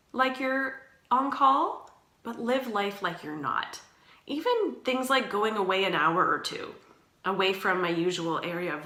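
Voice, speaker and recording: A woman's voice: medium pitch, bright, forceful tone, echoey room. A woman who works as a doula, giving casual, reassuring advice and often checking in with her listener. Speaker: doula and doula trainer.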